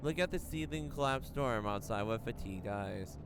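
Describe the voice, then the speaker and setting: A young man streams a game and reads its story aloud, tripping over words and laughing often in an animated way. His voice is medium-pitched at a normal speed, heard over loud game music in the background.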